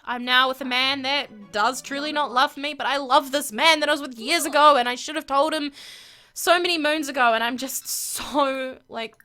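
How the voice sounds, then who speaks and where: A woman voicing a heartbroken, emotional woman in a life-sim game, speaking in a quiet, despairing tone. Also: high voice, normal speed, faint music behind.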